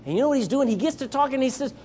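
A man's voice: very high voice, racing, slightly rough. A man with a Southern US accent preaching a sermon as a missionary, acting out Bible characters as he goes. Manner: animated, acts out Bible characters.

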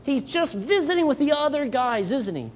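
A Southern US man preaches a sermon as a missionary, animatedly acting out Bible characters along the way. His voice is very high-pitched and moves at a normal speed.

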